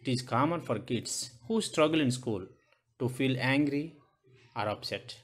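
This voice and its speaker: Slow, lively-voiced Indian male teacher. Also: medium pitch, husky. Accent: Indian English. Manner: asks many questions, repeats points. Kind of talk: classroom lesson to children.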